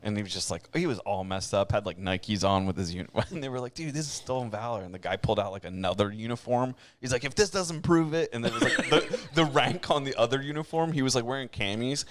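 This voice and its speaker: A man hosting a podcast in casual chat, relaxed and rambling, with lots of fillers and frequent laughs. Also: fairly low pitch, fast, few pauses, slight background noise. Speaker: podcast host.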